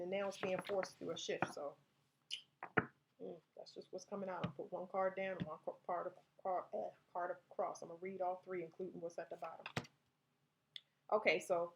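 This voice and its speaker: A woman's voice: on the low side, level tone, moderate pace, vocal fry, noisy background. Chatty woman giving a tarot reading. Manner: conversational, restarts often, speaks directly to viewers; reads card text aloud. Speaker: tarot reader.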